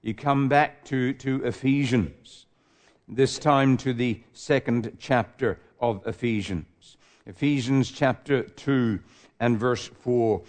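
A man preaching a sermon, stressing key words hard and then dropping his voice low. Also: slow, a little mellow.

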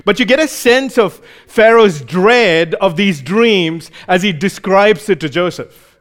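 High-voiced man preaching a sermon. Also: unhurried, a bit bright. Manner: explanatory, acts out short quoted lines.

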